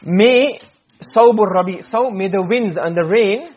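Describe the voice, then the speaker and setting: A man teaching Arabic rhetoric in a classroom lecture, posing questions and answering them himself, and quickly chanting Arabic verse between his English explanations. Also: sits high. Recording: dull lo-fi recording.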